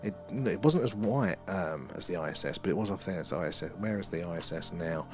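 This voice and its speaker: Excitable man hosting a live stream. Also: sits low, fast, soft background music. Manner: excitable, rambling, talks to chat viewers by name. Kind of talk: live-stream chat and sky-watch commentary. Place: outdoors at night.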